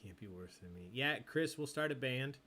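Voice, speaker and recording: A man's voice: mid-range voice, animated, moderate pace, sharp tone. A man hosting a live online trivia night, reading questions and answer counts and joking with the players. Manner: playful, chatty, jokes with players and reads answers aloud. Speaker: trivia host.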